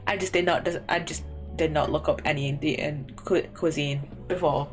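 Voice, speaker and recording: A woman's voice: sits low, steady tone, moderate pace, faint music behind. A woman streaming a story game, chatting casually, rambling and laughing at herself. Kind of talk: casual gameplay commentary.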